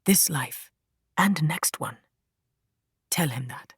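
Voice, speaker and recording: A gentle, loving mother from an audiobook, put on by a woman narrator, speaking softly and almost in a hush. The voice is low for a woman and dry, as if right at the mic. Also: animated, slow pace, husky, no echo, full character voice. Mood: tender. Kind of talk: audiobook character voice.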